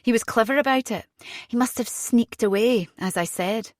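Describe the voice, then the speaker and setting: A woman reading an audiobook voices an agitated young mother, fierce and frightened, her voice jumping high when upset. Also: moderate pace, a little mellow, no echo, studio quality, lightly acted.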